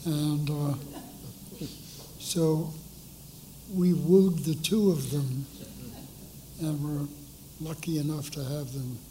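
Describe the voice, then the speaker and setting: An older man on a discussion panel, telling a story in an unhurried, measured way. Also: on the high side, fairly even intonation, dark tone, a little hiss or hum, low-quality recording. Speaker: panelist recalling hiring a colleague. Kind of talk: anecdotal storytelling. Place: panel discussion at an art school.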